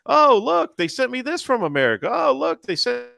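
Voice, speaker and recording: A man mimicking a whiny, falsely innocent male vlogger who hints for gifts in a high, fawning voice. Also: big pitch swings, moderate pace, gravelly, pushed and bright, exaggerated voice. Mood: gushing.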